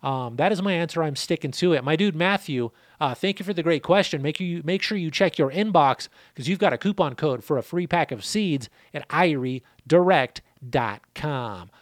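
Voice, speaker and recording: Brief: casual male host, slightly higher pitch, dry close sound, easygoing and profane. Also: lively intonation, moderate pace, hardly any pauses, no room sound. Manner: laid-back, swears casually, repeats numbers. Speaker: seed breeder and channel host. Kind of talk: casual answering of a viewer question.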